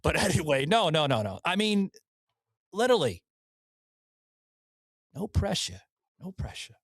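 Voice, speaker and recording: A man's voice: on the high side, very animated, unhurried, slightly rough, no room sound. A man co-hosting a podcast in a studio, chatting casually with lots of swearing, laughter and banter. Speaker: podcast co-host. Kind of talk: casual political chat.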